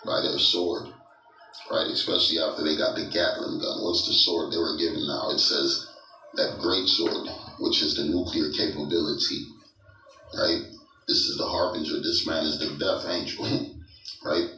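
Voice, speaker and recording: A very deep male voice with a bright, forceful edge, preaching from scripture in a mocking, chuckling way. He keeps tagging his lines with "right?" He sounds far from the mic in an echoey room, with music running underneath. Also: fairly even intonation, normal speed, slight background noise. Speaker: street preacher. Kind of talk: scripture-reading sermon commentary.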